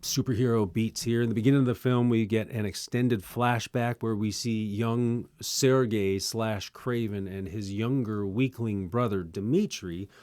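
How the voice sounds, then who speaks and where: Young male reviewer, sarcastic and lively, dry close-miked delivery. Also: on the low side, dry recording. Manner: sarcastic, animated, quick asides. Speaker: movie reviewer host. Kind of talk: casual sarcastic movie review.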